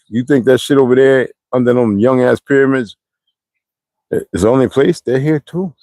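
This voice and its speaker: A U.S. streamer with a medium-pitched, dark voice rants to his viewers, recorded without room sound. His stories wander, and he delivers them bluntly, with plenty of profanity and slang.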